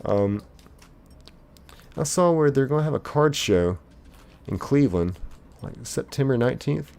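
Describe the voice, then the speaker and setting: A man's voice: medium pitch, animated, measured pace, vocal fry, darkish tone. A man streaming live, casually reading viewers' chat messages aloud in a chipper lilt and chatting back.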